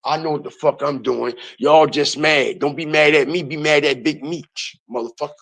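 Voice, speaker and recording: A man's voice: a little high, fairly even intonation, normal speed, creaky, a bit bright. A man hosting an online commentary video, ranting in a heated, profane way and repeating his points.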